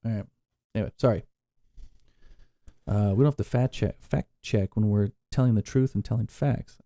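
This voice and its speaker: Mellow-voiced man in rambling chat. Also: fairly low pitch, fairly even intonation, normal speed. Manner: rambling, self-interrupting, joking. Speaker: co-host. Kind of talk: casual reaction chat.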